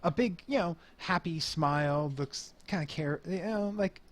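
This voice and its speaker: A man's voice: fairly high pitch, unhurried. A man narrating as game master in a tabletop horror game, rambling with lots of hesitations. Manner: rambling, hesitant, many fillers.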